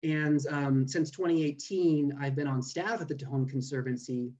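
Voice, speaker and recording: A man's voice: a little high, normal speed, a little mellow, dull audio. A young man from California gives an online seminar as a guest botanist. He talks casually, with plenty of fillers and restarts, and sounds like he is on a video call. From California, USA.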